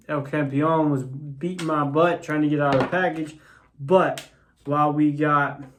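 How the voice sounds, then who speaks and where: A man casually reviewing an action figure on camera, talking loosely with lots of fillers and restarts. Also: medium pitch. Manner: rambling, many fillers and restarts. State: has the hiccups. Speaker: toy reviewer.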